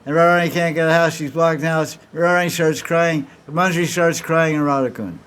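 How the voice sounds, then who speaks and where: Speaking quickly, this spiritual teacher has a high-leaning, clear, resonant voice with a touch of brightness and fairly even intonation. In his devotional talk he tells stories and voices the characters' lines, frequently restarting and repeating words.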